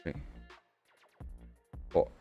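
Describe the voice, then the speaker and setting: A man's voice: drawn-out words, muffled recording, soft background music. A man streaming a casual build session, chatting cheerfully and sounding easily delighted. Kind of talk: casual live-stream chat while building.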